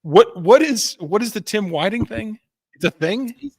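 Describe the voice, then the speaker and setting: A man co-hosting a casual golf betting chat, chiming in with quick questions and short reactions. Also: high-pitched, expressive, breathy edge.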